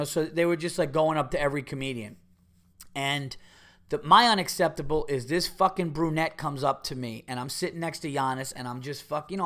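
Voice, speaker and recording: Middle-aged comic guy ranting, swears a ton, repeats stuff, kinda high voice. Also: a bit bright. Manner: heated, profane, repeats himself, acts out quotes. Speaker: comedian podcast host. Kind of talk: profane storytelling rant.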